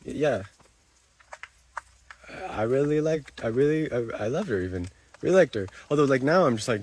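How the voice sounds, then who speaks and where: A man's voice: mid-range voice, animated, quick pace, a little mellow, husky. A man livestreaming to his chat, talking defensively, repeating himself and swearing.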